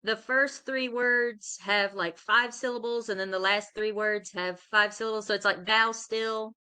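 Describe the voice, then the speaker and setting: A woman's voice: mid-range voice, fairly even intonation, normal speed, pushed and bright, clean tone. A woman student asking tentative questions about poetic meter, hesitating as she goes.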